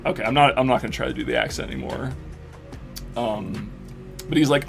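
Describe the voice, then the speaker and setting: A man streaming live and chatting casually while he plays a game, rambling excitedly with lots of swearing and fillers. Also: mid-range voice, brisk, gravelly, pauses often, soft background music.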